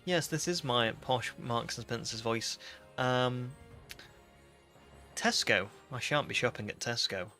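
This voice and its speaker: Man doing a posh English shopper, prim and haughty, bright tone. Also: mid-range voice, expressive, a little slow, soft background music. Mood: snooty.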